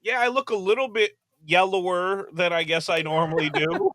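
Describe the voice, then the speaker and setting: A young man co-hosting a casual podcast, telling stories in an animated, profane way and loudly acting out quotes. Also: sits high, moderate pace, a crowd in the background. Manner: animated, profane storytelling with loud acted quotes. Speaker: podcast co-host. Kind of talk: casual chat.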